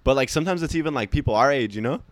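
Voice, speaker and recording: A man's voice: medium pitch, racing, dry recording. A young man telling stories in casual chat, rambling with lots of fillers and swearing.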